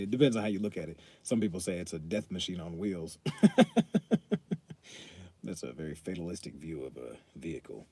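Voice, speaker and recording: A man's voice: sits low, dark tone. A young man, chatting casually on his fitness live stream, loose and joking and swearing freely as he reads chat aloud.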